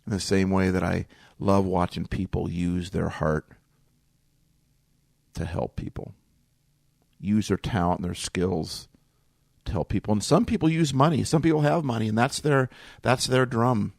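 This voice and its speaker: A man's voice: fairly low pitch, unhurried, creaky, pauses often, darkish tone, no room sound, clean studio sound. A middle-aged man hosting a podcast, talking earnestly and emotionally and circling back to the same phrases. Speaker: podcast host. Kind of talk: reflective solo podcast talk. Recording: music playing underneath.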